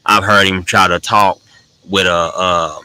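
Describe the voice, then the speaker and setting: A man in casual conversation, opinionated and animated, pushing his points with sharp emphatic rises. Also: low voice, unhurried, clear, resonant tone, poor audio. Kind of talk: casual chat.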